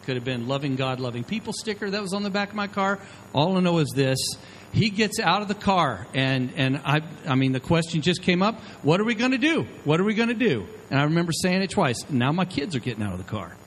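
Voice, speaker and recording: A man's voice: fairly high pitch, expressive, a little fast, low-quality recording. A middle-aged man delivers a sermon as a pastor, talking in a loose, storytelling way. He keeps asking the listeners "okay?" as he goes. There is a faint hiss of noise behind him. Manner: conversational storytelling, frequent "okay?" check-ins.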